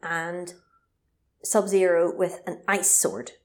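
A woman, co-hosting a casual chat. She tells a film's plot in an animated way, swears freely and acts out the characters' lines. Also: lowish voice, slow pace. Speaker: podcast co-host. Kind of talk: casual film recap chat.

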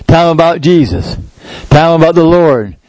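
A man's voice: fairly high pitch, lively intonation, normal speed, darkish tone, dry recording, rough recording. A middle-aged male pastor preaching a sermon in a conversational way that rises into emphatic prayer. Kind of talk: sermon with live demonstration.

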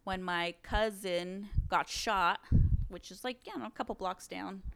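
A woman's voice: mid-range voice, measured pace, gravelly, a bit bright. A young woman co-hosting a podcast, telling a personal story in casual chat, candid and full of fillers and swearing. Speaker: podcast co-host.

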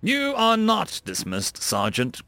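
Stern male Marine commander, read by a man, formal measured orders, gravelly edge, dry close sound. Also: mid-range voice, animated, fairly bright tone, no echo, soft background music.

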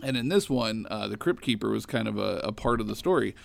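A man casually retelling old comic stories in a rambling, animated way. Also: on the low side, quick pace, creaky. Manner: rambling, animated storytelling with fillers.

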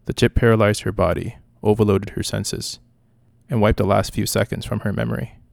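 A man narrating a dark short story in a flat, steady way. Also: fairly low pitch, fairly quick, gravelly, no echo, clean studio sound. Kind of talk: story reading.

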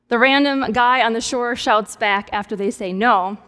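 A woman's voice: fairly high pitch, normal speed, few pauses, fairly bright tone. A woman pastor preaching a sermon in a conversational, playful way with humorous asides. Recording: long hall reverb.

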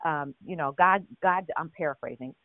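A woman's voice: low-pitched, normal speed, no room sound. Earnest woman preaching over a phone line. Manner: earnest, direct, with frequent restarts and rhetorical questions. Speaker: minister leading a prayer call. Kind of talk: conversational sermon on a call. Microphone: phone or conference call.

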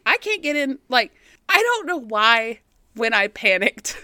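A woman's voice: fairly high pitch, sing-song, a little slow, sharp tone, clear, resonant tone, dry recording. A woman in her thirties, a podcast co-host, animatedly telling a personal story and laughing often. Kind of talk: casual chat, anecdote.

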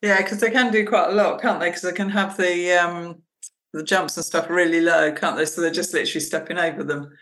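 A woman's voice: lowish voice, fairly even intonation, brisk, a bit bright. A woman co-hosting a podcast, talking in an easygoing, slightly hesitant way with lots of tag questions. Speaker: podcast co-host. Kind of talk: casual podcast chat.

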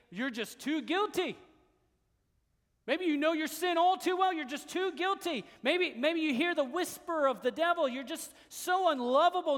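High-voiced preacher with big dynamic swings. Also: male voice, in a large hall. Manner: swings between quiet, hushed passages and loud, emphatic declarations. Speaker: pastor. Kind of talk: sermon.

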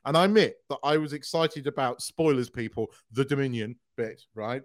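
A man co-hosting a podcast in casual chat, excitable, swearing freely and laughing often. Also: mid-range voice, normal speed, no echo, clean studio sound. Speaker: podcast co-host.

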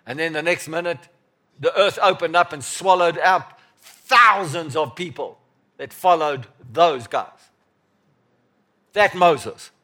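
A man preaching a sermon as pastor, emphatic and repetitive, swinging from loud bursts to quiet murmurs. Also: on the high side.

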